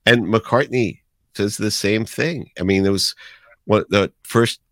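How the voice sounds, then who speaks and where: A lively man in his sixties with a New York accent spins stories, bouncing into other people's voices as he quotes them. His voice sits fairly low, and the recording is close and dry. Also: unhurried, no echo. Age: 60s. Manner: animated storyteller, acts out quotes. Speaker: radio DJ guest. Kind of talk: casual storytelling.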